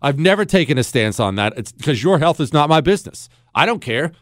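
A man's voice: fairly high pitch, very animated, brisk, no echo, studio quality. A man hosting a talk show, delivering an opinionated monologue with sarcastic, emphatic asides. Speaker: radio talk show host.

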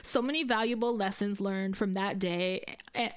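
A woman's voice: medium pitch, moderate pace, smooth, no echo. Profane laughing woman co-host. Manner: blunt, profane, laughs often. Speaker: podcast co-host. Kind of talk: casual chat, storytelling.

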